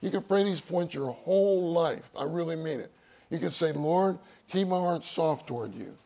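A man's voice: a little high, moderate pace, vocal fry, warm tone. A man preaching a sermon, reading outline points aloud and repeating key phrases for emphasis.

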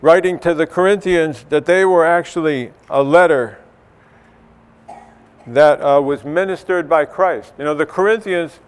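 A man's voice: fairly high pitch, unhurried, smooth. A middle-aged man giving an informal church teaching, conversational, with many fillers and restarts. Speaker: church speaker.

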